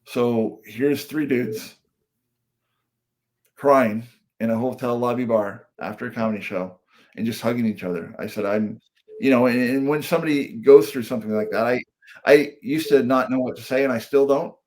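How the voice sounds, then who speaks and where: A man's voice: mid-range voice, normal speed, a little mellow. Man telling a heartfelt story. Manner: earnest, reflective storyteller. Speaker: guest, comedian and keynote speaker. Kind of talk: storytelling in a podcast interview.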